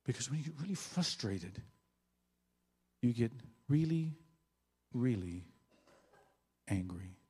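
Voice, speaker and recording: A male pastor preaching a sermon, swinging from loud bursts to quiet, low asides. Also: lively intonation, slow pace, pauses often, slightly rough. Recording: long hall reverb.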